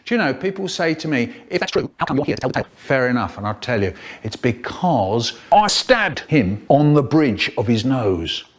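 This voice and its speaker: Man in his 70s, comic storyteller, theatrical, big pitch swings. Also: moderate pace, hardly any pauses. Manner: theatrical, lively, swoops between silly voices. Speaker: children's poet performer. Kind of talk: animated storytelling, chopped into a remix.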